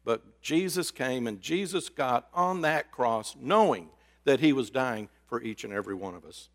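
A man's voice: medium pitch, animated, moderate pace. Man preaching in a reverberant hall. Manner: dramatic shifts between loud emphasis and hushed delivery. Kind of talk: sermon.

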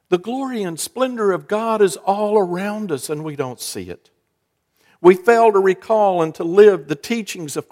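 A man, a pastor, giving a sermon in a chatty, storytelling way. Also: high voice. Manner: conversational storytelling preacher. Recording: long church reverb.

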